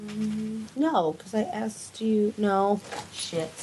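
A woman's voice: mid-range voice, drawn-out words, dark tone, a little hiss or hum, low-quality recording. A woman hosting a podcast, flustered and swearing as she laughs at herself, a little drunk. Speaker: podcast host. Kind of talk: casual chat.

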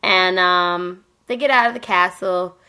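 A woman's voice: lowish voice, a little slow, pushed and bright, smooth. A woman hosting a casual podcast, recapping an anime in a rambling, profane way full of fillers. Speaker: podcast host.

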